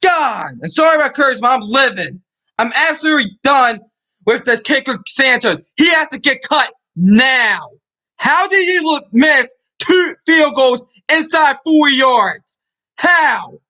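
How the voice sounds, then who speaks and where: A young man with a very high, bright, piercing voice vents on his sports channel. He rants in fury, swears freely and hammers the same complaints again and again. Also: lively intonation, unhurried, low-quality recording. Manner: furious, ranting, swearing, repeats himself. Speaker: sports vlogger. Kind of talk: angry sports rant.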